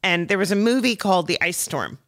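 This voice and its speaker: A woman, a comedian and podcast guest, telling animated anecdotes in casual chat, laughing often and acting out the voices of the people in her stories. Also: medium pitch, brisk.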